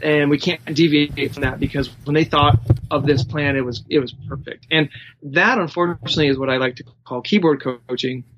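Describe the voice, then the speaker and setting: A man's voice: on the high side, steady tone, moderate pace, fairly bright tone, dull audio, slight background noise. A man who coaches runners, talking casually and rambling with lots of "you know" fillers. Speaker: running coach. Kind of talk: casual podcast conversation.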